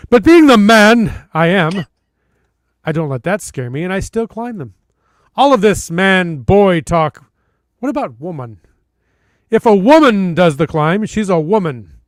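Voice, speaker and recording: A podcast host, a man with a high voice, reads a listener's story aloud. He hams it up with playful emphasis and comic pauses. The recording is dry and close, with no room sound. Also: very animated, dry recording.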